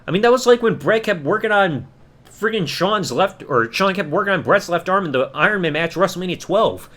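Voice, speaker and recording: Animated ranting male podcast host. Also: high-pitched, a little fast. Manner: animated, ranting, mocking voices. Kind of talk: casual review commentary.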